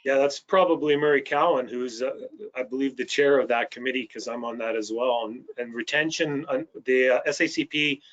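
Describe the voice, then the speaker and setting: A man's voice: medium pitch, a little fast, few pauses, a bit bright. A man from a police service on a webinar panel, speaking casually with frequent "uh"s. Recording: muffled video call audio.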